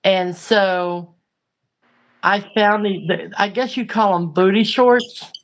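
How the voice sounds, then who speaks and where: A woman's voice: medium pitch, fairly even intonation, takes it slowly, slight background noise. A woman, hosting a livestream and chatting through a funny story with lots of fillers. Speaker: livestream host. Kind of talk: casual storytelling chat.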